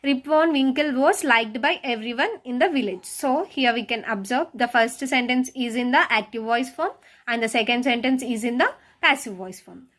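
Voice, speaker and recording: High-voiced woman teaching grammar step by step. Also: moderate pace, a bit bright. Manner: step-by-step explaining with rhetorical questions, repeating phrases; frequent hesitant restarts. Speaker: schoolteacher. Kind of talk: recorded grammar lesson.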